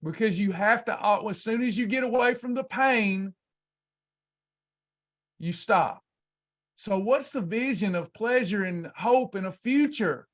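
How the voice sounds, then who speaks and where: A man's voice: high voice, unhurried, pauses often. A man coaching a class on weight loss in an emphatic, preacher-like motivational speech full of rhetorical questions.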